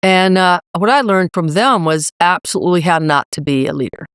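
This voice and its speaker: A middle-aged woman, a leadership coach, talking in an emphatic, energetic motivational way as a podcast guest. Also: lowish voice, fairly quick, smooth, no echo, studio quality. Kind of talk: podcast interview.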